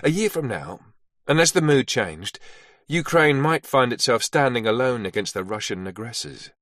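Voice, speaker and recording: A man narrating an action thriller audiobook in a measured, steady read. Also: medium pitch, dry recording, studio quality. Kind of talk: scripted narration.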